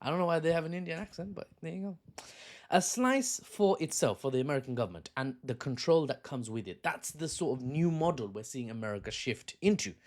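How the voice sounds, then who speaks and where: A man's voice: on the high side, animated, brisk, darkish tone. Man joking through economics commentary. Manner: jokey, laughs at own jokes; rambling with asides and restarts. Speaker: news commentator. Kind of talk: casual explainer commentary.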